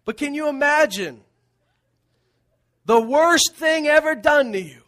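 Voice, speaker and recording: A middle-aged male pastor preaching a sermon, animated storytelling with laughs that drops to hushed tones. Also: extremely high pitch, a little slow.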